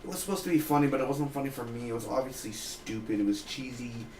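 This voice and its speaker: A man giving a loose, chatty review of a TV episode, retelling scenes with quick quoted asides. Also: medium pitch, darkish tone, reverberant, a little hiss or hum. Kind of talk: casual solo review.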